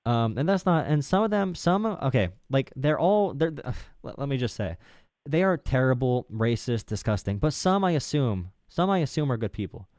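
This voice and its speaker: A man's voice: mid-range voice, sing-song, normal speed, a little mellow, dry recording, studio quality. A man hosting a casual political talk show, heated and sarcastic, often slipping into mocking voices. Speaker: host.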